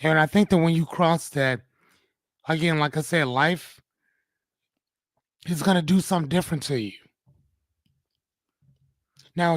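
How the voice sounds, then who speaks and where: A man's voice: fairly high pitch, no echo. Casual, swearing motivational man. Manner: casual, profane, keeps asking "right?". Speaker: motivational speaker, host. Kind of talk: live-streamed motivational talk.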